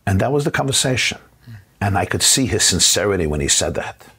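A middle-aged man with a New York accent tells a story as a guest on a television interview. His low voice is very husky and rough, and his pitch swings widely as he acts out the people he quotes, rushing some phrases and slowing on others. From United States. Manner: animated storyteller, acts out quoted voices, quick bursts then slow.

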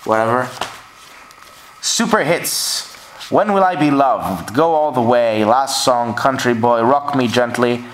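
A man's voice: mid-range voice, lively intonation, moderate pace, hardly any pauses, a little hiss or hum, low-quality recording. Offhand young man reading track lists. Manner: offhand, shrugs things off with "whatever". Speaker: vlogger showing record pickups.

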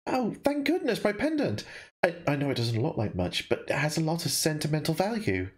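A man's voice: fairly high pitch, huge pitch swings, fairly quick, pitched above the performer's own voice. Man doing a bubbly young girl's voice. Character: cheerful young woman, friendly and bubbly. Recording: loud game music behind.

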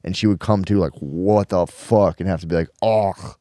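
A man's voice: low-pitched, steady tone, fast talker, dark tone, no room sound, clean studio sound. A man, co-hosting a podcast in casual chat and telling stories in a rambling, profane way. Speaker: podcast co-host.

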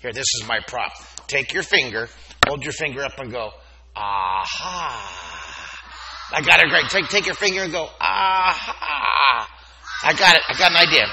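A man leading a live drawing lesson at a school assembly, animated and playful, coaxing the children to repeat words after him. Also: medium pitch, dull audio, noisy background. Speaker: drawing teacher.

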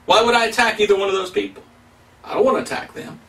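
A man's voice: sits high, fairly even intonation, fast talker, sharp tone, far from the mic. A male pastor preaching a sermon, emphatic and plain-spoken, asking rhetorical questions as he teaches.

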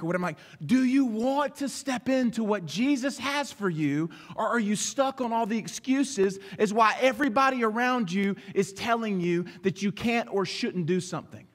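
A man preaching a sermon as pastor, animated, acting out short snatches of dialogue as he goes. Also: high-pitched, normal speed, few pauses. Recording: long reverb of a large hall.

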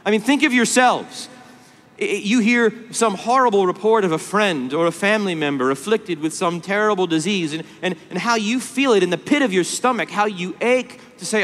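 Impassioned high-voiced male preacher. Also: moderate pace. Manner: impassioned, rising from hushed tenderness to loud emphasis. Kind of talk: sermon. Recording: long hall reverb.

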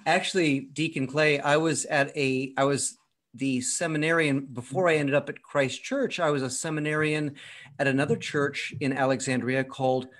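A man's voice: on the high side, fairly even intonation, normal speed, fairly bright tone. A man who is a priest, chatting in a friendly, easygoing way on a video call and telling a short story. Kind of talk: casual video-call chat.

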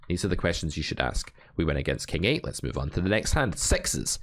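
Wry deep-voiced poker coach. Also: male voice, brisk. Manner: wry, animated, joking asides. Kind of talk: hand review commentary.

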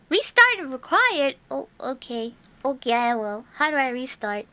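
A woman's voice: high-pitched, animated, measured pace, noisy background. A young woman streaming a horror game, jumping between whispers and shrieks and dropping Japanese words into her talk. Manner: jumpy, swings from whispers to shrieks. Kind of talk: live gameplay commentary.

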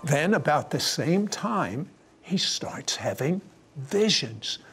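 A man's voice: fairly high pitch, sing-song, slow, a bit bright, husky, soft background music. A man interviewing a guest, asking questions emphatically.

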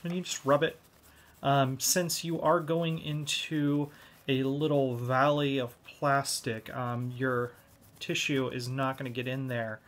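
A man's voice: medium pitch, flat delivery, slow, a bit bright. A man giving a hobby tutorial on model kits, explaining each step in a laid-back way.

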